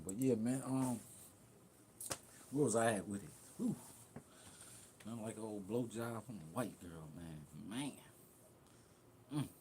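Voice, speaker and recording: Blunt, profane man with a low voice. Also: dark tone, a little hiss or hum. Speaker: livestream host. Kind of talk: casual livestream rant.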